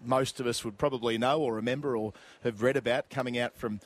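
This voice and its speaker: A man's voice: medium pitch, steady tone, fast. A man hosting a sports talk show, asking long conversational questions. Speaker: host.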